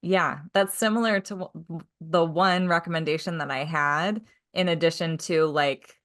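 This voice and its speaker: A woman's voice: low-pitched, steady tone, moderate pace, fairly bright tone. A woman co-hosting a podcast in a casual discussion, agreeable and building on her partner's points. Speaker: podcast co-host.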